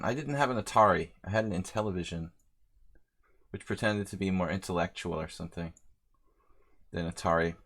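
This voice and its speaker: A man's voice: low-pitched, fairly bright tone. A man hosting a live chess stream, chatting casually and rambling as he reads out viewer names.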